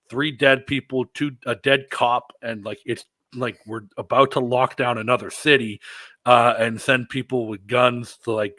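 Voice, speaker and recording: A man telling war stories in a casual podcast conversation, cursing often and swinging from loud bursts to low mutters. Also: no echo. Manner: profane, animated storyteller with big swings in loudness. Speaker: veteran guest.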